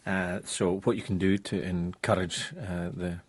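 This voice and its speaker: An easygoing radio presenter trades light banter while previewing his show. His voice is fairly low and a touch husky, recorded close and dry. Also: fairly even intonation, measured pace, no room sound. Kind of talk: casual on-air chat.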